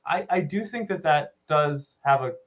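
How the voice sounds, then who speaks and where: A man's voice: fairly high pitch, lively intonation, normal speed, lo-fi sound. A man co-hosting a casual film podcast, rambling and hesitant with a jokey streak. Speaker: podcast co-host.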